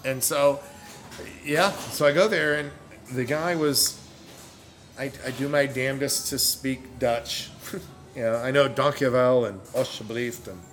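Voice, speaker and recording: A middle-aged man tells a story in loose podcast chat. He laughs easily and circles back to fix his details as he goes. His voice sits at an ordinary pitch, and faint music plays behind him. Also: measured pace. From United States. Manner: rambling and animated, self-correcting, laughs a lot.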